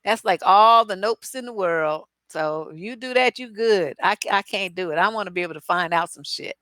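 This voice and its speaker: A woman gives dating advice live with blunt, salty humor and lots of repeated asides. She sounds close to the mic in a dry room with no echo. Her pitch sits mid-range for a woman. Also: fairly quick. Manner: blunt, profane, acerbic and animated, with asides and mock dialogue. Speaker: relationship coach. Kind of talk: live-stream advice chat.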